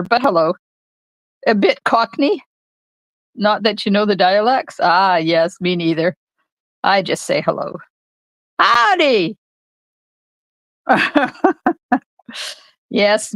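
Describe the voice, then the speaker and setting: A woman's voice: mid-range voice, no room sound. An older woman hosting a live crafting demonstration from her home craft room, chatting casually and greeting viewers by name. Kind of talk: live-streamed crafting demo.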